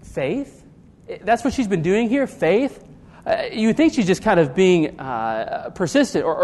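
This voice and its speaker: A man's voice: high-pitched, a little mellow, big-room sound. A man preaching a sermon as pastor, earnest, often restarting his sentences and asking rhetorical questions.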